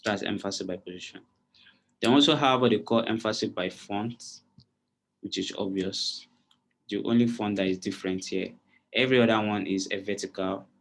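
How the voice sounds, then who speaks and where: A man's voice: lowish voice, moderate pace, a bit bright. A man teaching a live online design class, explaining step by step and often checking whether his students understand. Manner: repeats checking questions to students. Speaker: design instructor.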